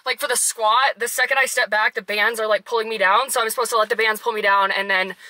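Bright-voiced chatty young woman vlogger. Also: a little high, fairly even intonation, quick pace, low-quality recording. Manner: chatty, upbeat, lots of "like" and "super". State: out of breath after a workout. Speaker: fitness vlogger. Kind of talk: casual vlog talk to camera. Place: outside a gym and at home.

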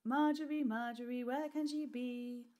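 A woman's voice: fairly high pitch, steady tone, measured pace, a little mellow, pitched above the performer's own voice, close to an everyday voice. A woman voicing a cheerful, playful young noblewoman in a read-aloud story. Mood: calling.

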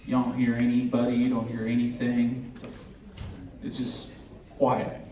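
A man telling a true ghost story to an audience in an earnest, unhurried way, with religious language. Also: medium pitch, monotone, mellow. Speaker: host telling a personal story. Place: indoor event room. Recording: roomy, distant, dull recording with faint ambience.

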